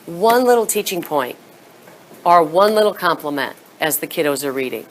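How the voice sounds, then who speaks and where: A woman with a notably low voice leads a reading workshop for teachers. She talks them through classroom steps and acts out her prompts, sometimes slipping into a soft whisper. A faint hum of room noise sits behind her. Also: animated, moderate pace. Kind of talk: teacher training talk.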